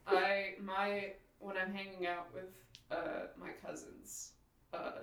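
A woman's voice: lowish voice, slow pace. A woman from England co-hosting a podcast, chatting casually and laughing often as she rambles through stories. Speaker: podcast co-host. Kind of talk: casual chat. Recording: echoey room from far off with faint noise.

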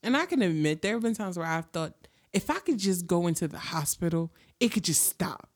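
A woman's voice: lowish voice, animated, fairly quick, a little mellow. A woman co-hosting a casual talk show, reacting playfully and joining in the banter. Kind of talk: casual chat.

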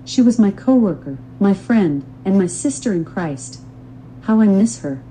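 Older woman reading her memoir, earnest and churchy, super dark mellow voice. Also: mid-range voice, animated, unhurried, slight background noise, rough recording. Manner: earnest, devout testimony. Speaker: memoir author and narrator.

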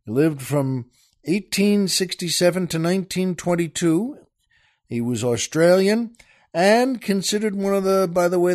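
An older man hosting a podcast, telling a long joke in a rambling, halting way with many restarts. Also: fairly high pitch, a little mellow. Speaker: podcast host.

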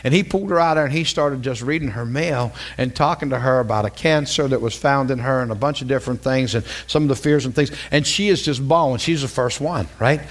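A middle-aged man preaching as a pastor, telling a story in a conversational, animated way and repeating phrases for emphasis. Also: mid-range voice, a little fast, few pauses. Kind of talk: storytelling sermon.

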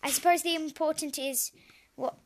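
A woman's voice: sits high, steady tone, moderate pace, slight background noise, voice pushed up. A woman voicing a maid who answers hesitantly and thoughtfully. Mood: musing. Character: kindly maid, unsure and gentle.

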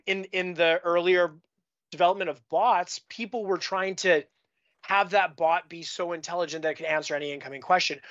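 Speaking with a fairly high pitch and a slightly bright tone, a Canadian man on a podcast rambles through casual anecdotes about his work. He restarts often and fills pauses with fillers. The audio sounds dull.

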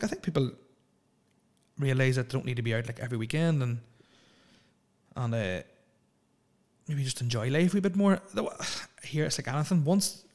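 A man's voice: medium pitch, darkish tone. A young man chatting alone into the mic for his podcast, his voice sitting mid-range. He rambles loosely, swears often and keeps slipping into jokes and asides. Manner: rambling, profane and jokey. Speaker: podcast host. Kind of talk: casual solo podcast chat.

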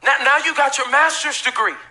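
Forceful, emphatic preaching pastor. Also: male voice, very high-pitched, brisk. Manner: emphatic preaching with repetition and bursts of shouting; casual, joking asides to the congregation. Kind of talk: sermon. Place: church sanctuary before a live congregation.

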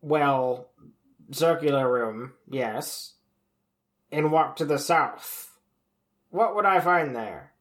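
A male tabletop player with a slightly high voice. He asks questions in a dry, teasing way. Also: slow, long pauses. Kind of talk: tabletop game chat.

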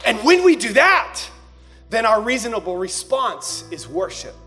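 A young man preaching a sermon as pastor, moving between quiet prayerful passages and loud shouted ones. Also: a little slow. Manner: animated, swings from low prayerful tones to shouting. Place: church sanctuary. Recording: long hall reverb with faint music.

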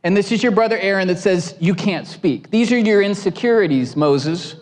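A man voicing God as a calm, firm speaker in a sermon, lower and steadier than his own voice. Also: moderate pace, close to an everyday voice.

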